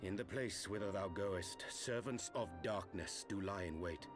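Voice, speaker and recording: A man's voice: low voice, a little slow. An actor playing a solemn male scholar who speaks in archaic, formal English in a game cutscene. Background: game music.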